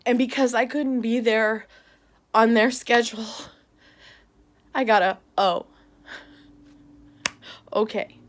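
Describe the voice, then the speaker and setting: In this emotional personal vlog, a middle-aged woman who has been crying recounts a hard day, upset and talking in bursts with nervous laughs. Her voice sits on the high side with a steady tone, and she is unhurried, leaving long pauses.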